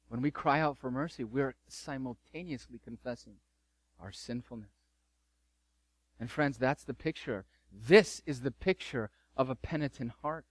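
A man's voice: medium pitch, no echo. A middle-aged man preaching a sermon as pastor, fervent and emphatic, repeating key phrases.

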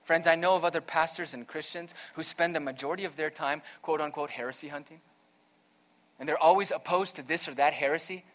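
Male pastor, sermon, earnest, emphatic, fairly high voice. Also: fairly even intonation, a little fast, a bit bright.

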